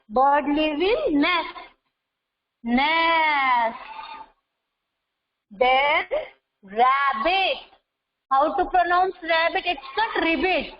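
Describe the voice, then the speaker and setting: A woman's voice: high-pitched, lo-fi sound. A woman teaching an online class to young children, repeating words for pronunciation practice.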